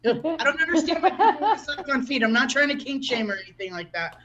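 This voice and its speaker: A woman tells crude, foul-mouthed stand-up stories at a bright, forceful pitch, mocking herself as she goes. The sound is a bit dull and lo-fi, like a stream. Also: lively intonation, quick pace. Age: adult with a child. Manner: crude, profane, self-deprecating storytelling. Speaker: stand-up comedian. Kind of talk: stand-up set at an online open mic.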